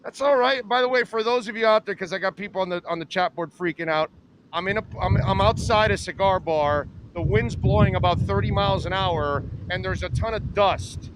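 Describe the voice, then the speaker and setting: A man's voice: high voice, a little fast. A man hosting a live sports talk show outdoors, bantering and teasing his guest, speaking through a face mask in the wind. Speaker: sports radio show host. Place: outdoors outside a cigar bar in strong wind. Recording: faint wind and outdoor noise.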